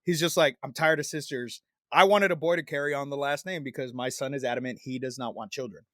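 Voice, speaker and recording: A man's voice: mid-range voice, fairly even intonation, fast talker, fairly bright tone, no room sound, studio quality. Blunt, foul-mouthed man. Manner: blunt, swears a lot, self-mocking. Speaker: podcast co-host. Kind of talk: casual chat.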